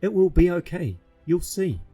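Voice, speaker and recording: A man's voice: high-pitched, sing-song, moderate pace, mellow, husky, faint music behind, pitched above the performer's own voice, full character voice. A man voicing a young boy thief who argues heatedly with his companion. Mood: gentle.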